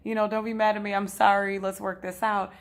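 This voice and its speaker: A clingy, moody young girlfriend, as a woman coach puts her on, in a voice pitched well above the coach's own. She pleads and snaps by turns, all in one breathless burst. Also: level tone, brisk, vocal fry, lightly acted. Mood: pleading. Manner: pleading then snapping.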